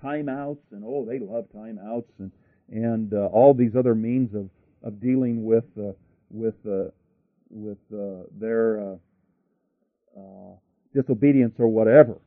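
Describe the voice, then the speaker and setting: A man's voice: fairly low pitch, measured pace, dry recording. A man preaching a sermon emphatically, with rhetorical questions, asides and frequent restarts. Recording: dry, tinny radio broadcast.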